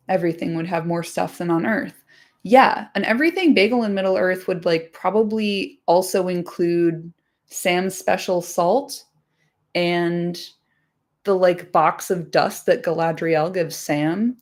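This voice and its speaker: Woman host, casual stream chat, slightly low, giggly, filler-heavy. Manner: chatty, laughs often, says "like" constantly, swears casually. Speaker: podcast host.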